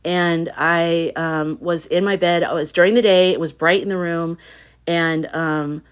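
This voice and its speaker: Middle-aged American woman, spiritual live-stream host; low-leaning voice, emotional, loose and chatty. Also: fairly even intonation, measured pace, clear, resonant tone. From United States. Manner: rambling, confiding, emotional, many restarts. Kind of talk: casual chat on a live stream.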